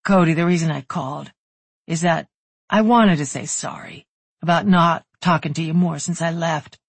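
Hörbuch: Frau liest schüchternen jungen Grizzly-Mann, stockend und verlegen. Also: female voice, low voice, gravelly, breathy edge, no room sound, heavily acted. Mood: sheepish. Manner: halting, sheepish. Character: huge shy young male grizzly shifter.

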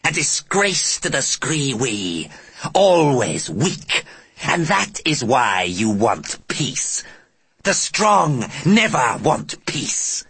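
A man voicing a menacing, contemptuous male alien warrior in an audiobook, with a slow, sneering, drawn-out delivery. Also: medium pitch, big pitch swings, fairly bright tone, breathy edge, dry recording, voice pushed up, full character voice. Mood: taunting. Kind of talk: audiobook character voice.

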